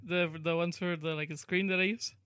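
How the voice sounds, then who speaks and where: High bright-voiced man chiming in. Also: steady tone, clean tone, no room sound, studio quality. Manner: quick joking asides and laughter. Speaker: podcast co-host. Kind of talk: casual chat, brief interjections.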